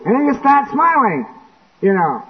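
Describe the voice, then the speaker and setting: A man preaching a sermon in church, acting out quotes and breaking into sudden shouts. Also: very high-pitched, very animated, moderate pace. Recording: tinny lo-fi phone-like recording.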